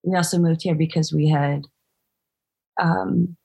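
A woman's voice: low-pitched, steady tone, measured pace, creaky, dark tone, slightly rough. A woman musician, a guest on an interview podcast, telling her story in a hesitant, reflective way. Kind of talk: conversational interview.

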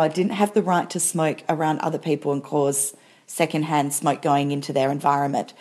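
A woman's voice: deep voice, darkish tone. Frank, emphatic woman podcast host. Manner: frank, emphatic, acts out quoted voices. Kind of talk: casual podcast chat.

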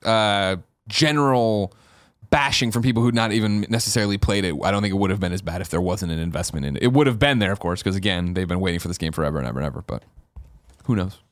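A man co-hosting a podcast in casual chat, animated and swearing freely. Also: sits low, quick pace, no room sound, studio quality. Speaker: podcast co-host.

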